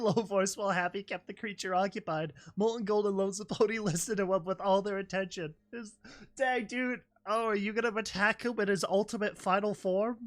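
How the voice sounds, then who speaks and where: A man's voice: sits high, a bit bright. A man reading a fan story aloud as its narrator. He laughs often and breaks off the reading to react with commentary.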